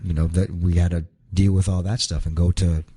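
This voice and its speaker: A man with a husky, slightly low voice talks through a long story in an interview. He stumbles and repeats words as he goes, reliving each moment aloud. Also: level tone, brisk, mellow. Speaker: guest, wrestler.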